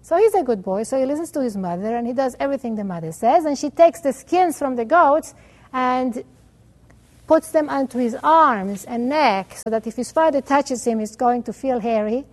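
A woman teaching religion through an animated story, with Hebrew terms woven in. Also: high-pitched, moderate pace. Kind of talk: storytelling lesson.

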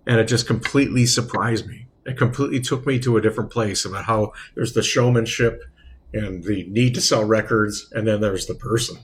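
A man chatting on a radio show, telling stories in a halting, reflective way with many restarts. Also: lowish voice, breathy edge. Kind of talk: casual radio chat.

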